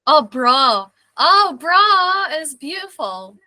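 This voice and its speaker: A woman's voice: high voice, very animated, very slow, bright, forceful tone. A young woman with a Scottish accent, a guest explaining slang in a casual interview, often giggling. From Scotland. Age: young adult.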